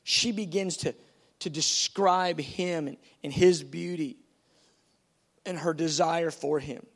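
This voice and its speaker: A man with a notably high speaking voice delivers a teaching sermon. He talks in a lively, conversational way and acts out the lines he quotes. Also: slow. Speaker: preacher.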